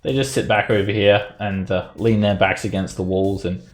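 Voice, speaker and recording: A man narrating as game master of a tabletop game, in a relaxed way with many fillers. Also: on the low side, moderate pace.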